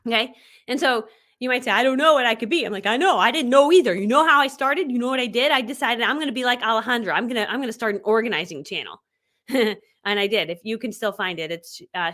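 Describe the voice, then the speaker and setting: A woman online business coach giving a motivational talk, telling animated stories and acting out what people said. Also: on the high side. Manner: animated storytelling, acting out quotes.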